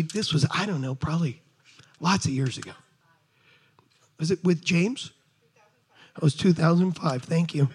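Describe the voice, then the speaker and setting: A middle-aged man preaching a sermon to a congregation in an animated, conversational way, talking straight to his listeners. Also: high voice, slightly rough. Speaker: pastor. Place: church service before a congregation.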